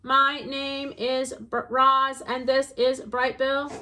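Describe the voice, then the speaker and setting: A woman reading a storybook aloud, voicing a calm, polite female robot who speaks in a measured, formal way. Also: high-pitched, heavily acted.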